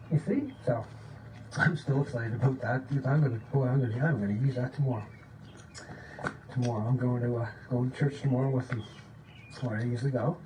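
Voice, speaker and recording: Excited man preaching from a distant mic. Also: normal speed, long pauses. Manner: excited, repeats "okay?" often, drops to a low voice for demonstrations. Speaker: spiritual teacher. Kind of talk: informal recorded spiritual talk. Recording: distant mic with faint background noise.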